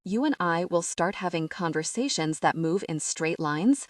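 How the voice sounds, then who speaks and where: A woman's voice: on the low side, expressive, normal speed, no echo, studio quality, natural voice. A woman voicing a cocky young male thief in an audiobook, with playful, teasing banter.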